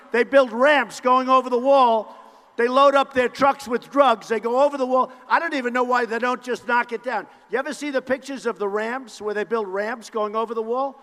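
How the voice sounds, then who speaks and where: A man giving a campaign rally speech, boastful and repetitive, with punchy phrases and bursts of shouting. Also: very high-pitched. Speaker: political candidate at a campaign rally. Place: large indoor rally venue. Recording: long reverb of a large hall.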